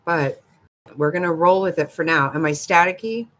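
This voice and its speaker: A woman's voice: on the low side, moderate pace, a bit bright. An older woman hosting a casual livestream, chatting gossipily with viewers and giggling often. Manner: giggly, gossipy, talks back to chat. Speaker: livestream host. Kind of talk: casual live chat with viewers.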